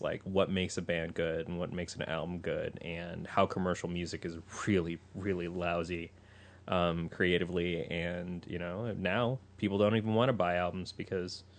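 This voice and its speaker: A man with a fairly low voice chats loosely on a group podcast. He rambles through his points with wry, joking asides. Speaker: podcast co-host. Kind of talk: casual chat.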